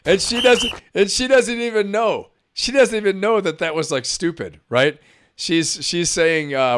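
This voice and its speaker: A man's voice: sits high, a little slow, a bit bright, clean tone. A middle-aged man hosting a live stream, reacting to clips in a casual, chatty way, laughing often and talking to his viewers.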